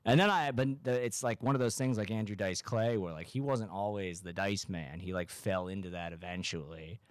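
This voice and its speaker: A man from Massachusetts hosting a casual comedy podcast, rambling in a deadpan, ironic way with lots of "like". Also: lowish voice, moderate pace, clean tone, dry recording. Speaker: podcast host.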